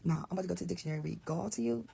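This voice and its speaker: A Bible storyteller with a low, gravelly, husky voice recounts a scripture story very fast in a casual, conversational way. She is animated, explains things aloud as she goes, and often drops to a hushed near whisper.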